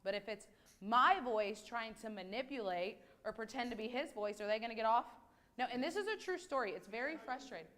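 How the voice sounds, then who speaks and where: Gentle woman giving a children's sermon. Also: on the high side, lively intonation, a little fast. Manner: gentle, conversational, asks questions. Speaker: children's message leader. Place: church sanctuary.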